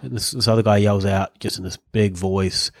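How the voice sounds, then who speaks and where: A male podcast host with a lowish voice chats casually and comedically, rambling through stories and chuckling often. He speaks at normal speed with fairly even intonation, in clean studio sound with no room noise.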